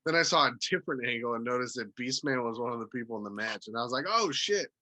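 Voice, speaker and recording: A man's voice: medium pitch, steady tone, very fast, sharp tone. A man co-hosting a casual podcast, laid-back and chatty. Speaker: podcast co-host.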